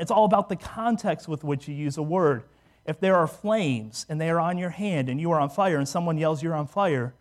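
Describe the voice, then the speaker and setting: High-voiced, animated male preacher. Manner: animated, acts out quoted voices. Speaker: pastor. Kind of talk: sermon.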